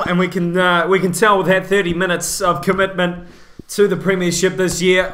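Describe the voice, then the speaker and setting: High-voiced man calling a match. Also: fairly bright tone, roomy sound, slight background noise. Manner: brisk play-by-play with playful banter. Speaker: lead commentator. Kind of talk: comedic amateur sports commentary.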